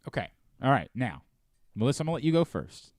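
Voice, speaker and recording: A man's voice: medium pitch, fast talker, no echo. Guy hosting a sports radio show in the studio, voice jumps all over, rambly, dry close mic. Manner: animated, rambling, self-interrupting. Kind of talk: casual studio chat.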